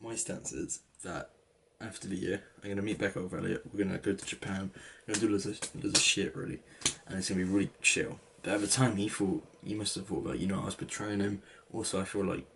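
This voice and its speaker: Gravelly young English man. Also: low-pitched, steady tone, fast, few pauses, a bit bright, a little hiss or hum. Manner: rambling, full of "like" and restarts. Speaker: vlogger. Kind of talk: casual storytelling.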